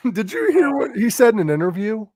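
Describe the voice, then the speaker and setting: Man, jokey podcast co-host, laughs a lot, high-ish animated voice. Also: normal speed, husky, no echo, clean studio sound. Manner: jokey, laughing often, swears casually. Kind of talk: casual chat doing impressions.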